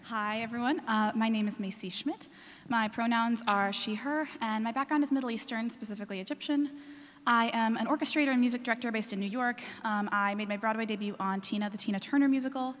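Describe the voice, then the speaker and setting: A woman's voice: fairly high pitch, fast talker. Upbeat woman introducing herself in a hall. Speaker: panelist, orchestrator. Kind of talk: self-introduction on a panel. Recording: reverberant hall with faint ambience.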